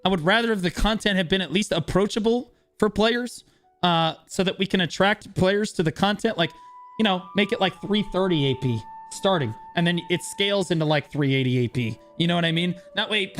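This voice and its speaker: A man's voice: sits high, a little fast, a bit bright, soft background music. A male game streamer giving frustrated, profane commentary on a live stream.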